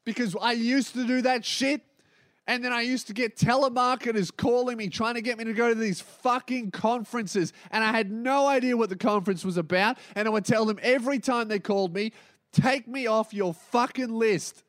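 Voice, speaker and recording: Aussie guy swearing his way through a podcast rant, kinda high voice, does little mocking voices of people, dead dry sound. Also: steady tone, fairly bright tone, no room sound. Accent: Australian. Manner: ranting, swearing, mimicking others in quick asides. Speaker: podcast host. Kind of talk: profane comedic rant.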